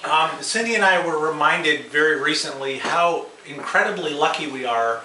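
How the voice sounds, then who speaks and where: A man hosting a party at home, giving a warm, chuckling informal speech and reading aloud. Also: on the high side, moderate pace. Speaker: party host. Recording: echoey room, far mic, loud party noise.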